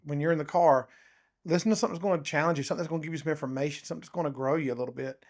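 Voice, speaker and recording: A man co-hosting a podcast, talking in a casual, animated and rambling way. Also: a little high, racing. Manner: animated, rambling, says "dude" and "um" often. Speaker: podcast co-host. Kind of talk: casual chat.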